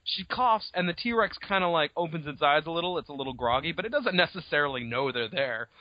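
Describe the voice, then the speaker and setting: A man's voice: a little high, a little fast, dry recording. Profane man retelling a story. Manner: profane, animated retelling with voices. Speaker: podcast co-host. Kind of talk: casual chat. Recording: dull lo-fi podcast audio.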